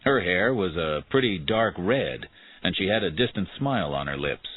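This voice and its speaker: A man narrating a graded-reader detective story in a steady, measured way. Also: deep voice. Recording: tinny phone-like sound.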